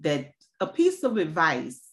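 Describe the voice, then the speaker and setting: Woman host of a casual talk show, animated and expressive, lively pitch. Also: measured pace. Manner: animated, laughs easily, expressive pitch swings. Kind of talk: casual conversation.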